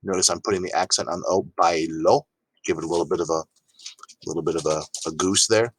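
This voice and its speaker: A man teaching a grammar lesson in a relaxed, chatty way, talking straight to his students with plenty of fillers. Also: low-pitched, fast, slightly rough, no room sound, rough recording. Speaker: Spanish teacher. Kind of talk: informal recorded grammar lesson.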